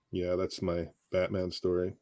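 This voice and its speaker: Man, lowish voice, animated storyteller; casual chat, dry close mic. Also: vocal fry, no room sound. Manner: animated storyteller, acts out voices, laughs often. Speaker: first responder telling a call story. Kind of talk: casual storytelling among friends. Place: home art studio, on a livestream.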